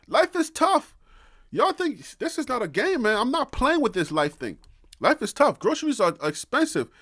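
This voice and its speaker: A man's voice: very high voice, big pitch swings, moderate pace, a bit bright. A man hosting a sports channel, talking casually and animatedly to his viewers, sometimes preachy, sometimes teasing with laughs. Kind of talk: casual live-stream chat.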